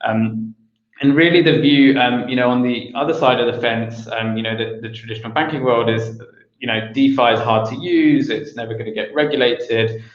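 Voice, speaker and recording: A man's voice: medium pitch, steady tone, moderate pace. A man giving an online conference presentation, hesitant with many fillers and restarts, on a video call mic with roomy, dull audio. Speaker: conference speaker.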